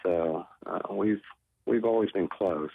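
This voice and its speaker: A man's voice: sits low, unhurried, vocal fry, breathy edge, no echo. A man from Oklahoma, a guest on a talk show, earnestly telling a personal story and often repeating his words. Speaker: tornado survivor guest. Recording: tinny phone line.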